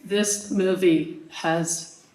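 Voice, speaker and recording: A woman's voice: fairly low pitch, fairly even intonation, extremely slow, darkish tone, echoey room, rough recording. A woman in the audience asking an earnest, rambling question at a screening Q&A. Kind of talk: Q&A question from the floor.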